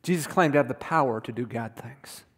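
A man's voice: mid-range voice, fairly quick. A middle-aged man preaching a sermon as a pastor, emphatic, repeating words for stress. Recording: long reverb of a hall.

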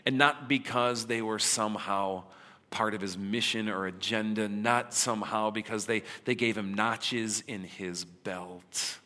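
A male pastor delivering a sermon in a conversational, emphatic way, with dramatic pauses. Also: fairly low pitch, fairly even intonation, bright, forceful tone. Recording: long hall reverb.

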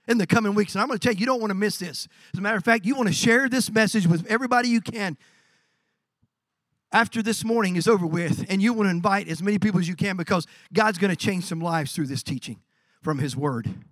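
A man preaching a sermon as pastor, animated, acting out quoted voices and swinging from quiet lines to shouts. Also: high voice, fairly quick, dry recording, studio quality. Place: church.

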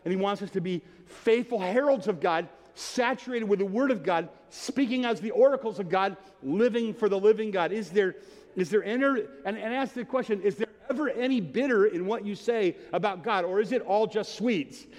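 High-voiced preacher man in a reverberant hall. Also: moderate pace, a little mellow. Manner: preaching with rising fervor and repeated hallelujahs. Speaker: pastor. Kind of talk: sermon.

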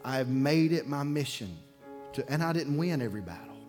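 A man from preaching a sermon as pastor, telling a personal story with loud bursts and hushed low passages. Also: animated, brisk, soft background music. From Alabama.

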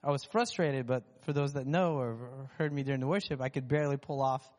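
A man's voice: medium pitch, fairly quick, darkish tone, big-room sound. A worship leader, a man, sharing a candid, self-deprecating testimony with his church. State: recovering from lost voice. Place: church sanctuary.

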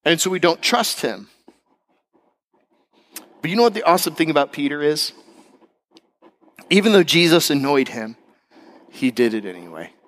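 A middle-aged male pastor preaching a sermon, animated, acting out other people's voices and jumping high in pitch when excited. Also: moderate pace, long pauses.

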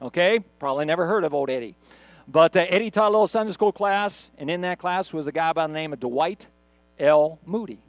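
A man's voice: on the high side, a little fast, dry recording. A middle-aged male pastor preaching a sermon for an online video, in a conversational storytelling manner. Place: church recorded on camera.

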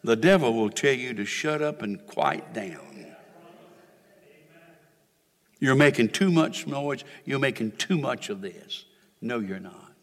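A man preaching with a high, bright and gravelly voice that leaps all over its range, from hushed asides to ringing shouts. He takes his time, drawing out the words. The sound carries a long hall reverb, as in a church sanctuary. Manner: dramatic preaching that swings from quiet asides to shouted exhortations. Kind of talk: sermon.

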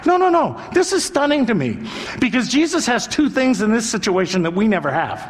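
A man's voice: very high-pitched, sing-song, fairly quick. An older man preaching a sermon as a pastor, earnest and conversational, repeating phrases for emphasis. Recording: long hall reverb.

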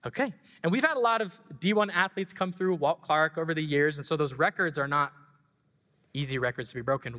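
A man preaching a sermon, telling a story with emotion and rising excitement, then leading communion and prayer. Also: mid-range voice. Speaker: pastor and school track coach. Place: church sanctuary. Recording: long hall reverb.

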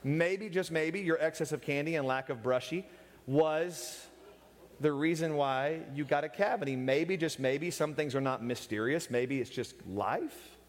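A man's voice: on the high side, unhurried. A man preaching a humorous sermon, joking and teasing his listeners and laughing often as he goes. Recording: echoey hall with long reverb.

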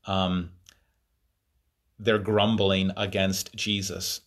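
A man's voice: low voice, flat delivery, drawn-out words, fairly bright tone. A man preaching a sermon, reading scripture aloud and explaining it in a thoughtful way, with frequent fillers and restarts.

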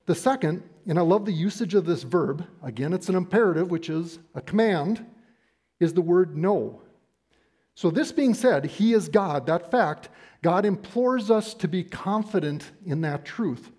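A middle-aged man preaching a sermon, emphatic and deliberate, slowing down to stress key phrases. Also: sits high, expressive, darkish tone, husky.

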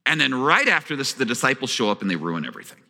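A male pastor preaching a sermon in an animated, storytelling way, often asking the congregation questions. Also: medium pitch, fast, creaky. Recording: long reverb of a large hall.

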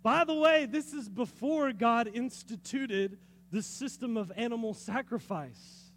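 Male pastor, high voice, chatty sermon delivery with rhetorical questions, faint hum behind. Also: a little slow. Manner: lively, conversational, asks the audience questions, laughs often.

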